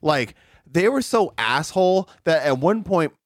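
A man's voice: on the high side, expressive, measured pace, dry recording, studio quality. Swearing man rambling through a story. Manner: rambling, profane, many fillers. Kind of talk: casual chat.

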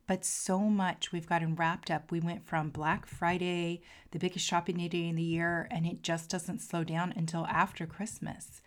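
A woman hosting a podcast as a coach, talking to listeners in an earnest, heartfelt way and sometimes dropping to a soft near-whisper. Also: fairly low pitch, little pitch movement, normal speed, hardly any pauses. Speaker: podcast host and marketing coach. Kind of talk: casual podcast monologue.

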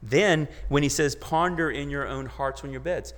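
A man preaching a sermon, bright and forceful in tone, carried by the long reverb of a large hall. He keeps it conversational, with rhetorical questions and restarts, dipping into quiet asides before rising into loud exclamations. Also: fairly high pitch, normal speed. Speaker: pastor.

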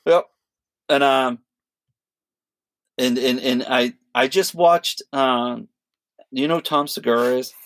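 A man co-hosting a podcast, telling a long story in a rambling, animated way, full of fillers and quoted voices. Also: mid-range voice, takes it slowly, long pauses, no room sound. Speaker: podcast co-host. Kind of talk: casual storytelling chat.

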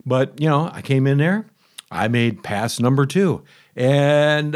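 A man's voice: medium pitch, slow. Guy rambling to the camera about his yard, chatty, keeps going off on asides, kinda grumbly. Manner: chatty, conversational, self-interrupting. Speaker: homeowner reviewing a lawn mower. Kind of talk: casual rambling storytelling.

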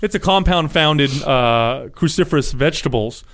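A man co-hosting a podcast in loose, profane banter. His voice is smooth and clear, sitting a touch high. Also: animated, normal speed, fairly bright tone. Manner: loose and profane, stumbles and restarts. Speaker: podcast co-host. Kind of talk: casual podcast chat.

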